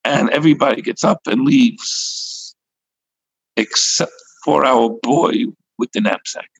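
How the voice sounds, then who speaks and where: A male rabbi tells a story in a gravelly, husky voice, with a rough crackle at the bottom of his range. He is animated, slipping in and out of the characters' lines as he goes. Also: medium pitch, takes it slowly, no room sound. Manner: animated storyteller, acts out dialogue. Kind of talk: storytelling sermon.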